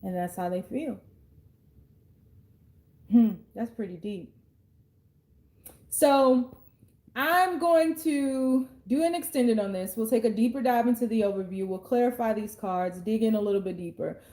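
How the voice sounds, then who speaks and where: A woman in her thirties with a mellow, soft-toned voice gives a tarot reading straight to the viewer. She talks conversationally, leaning on ums and restarting her sentences. Her voice carries a roomy echo. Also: fairly high pitch, lively intonation, a little slow, pauses often. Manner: conversational, with frequent fillers and restarts. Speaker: tarot card reader.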